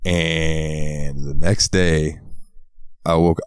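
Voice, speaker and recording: A man's voice: rumbling low, steady tone, very slow, clean tone, no echo, studio quality. A man co-hosting a podcast in casual chat, telling stories, acting out quotes and swearing often. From American South. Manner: storytelling, acts out quotes in a raised voice, swears often. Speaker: podcast co-host.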